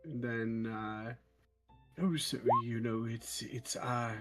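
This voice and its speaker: A man's voice: mid-range voice, little pitch movement, slow, fairly bright tone, soft background music. A man playing a tabletop game character, rambling and stumbling through explanations with many fillers. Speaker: player.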